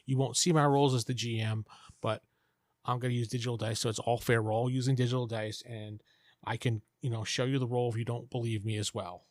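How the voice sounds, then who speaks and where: A man's voice: mid-range voice, dry recording, studio quality. A man hosting a tabletop game advice show, answering listener questions in a rambling, conversational monologue. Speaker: podcast host giving game master advice.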